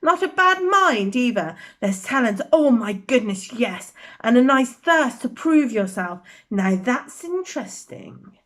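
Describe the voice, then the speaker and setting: A woman voicing an old magical talking hat that muses slowly and coaxes sly suggestions. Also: a little high, big pitch swings, fairly bright tone. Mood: musing. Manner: slow, pondering, drawn-out.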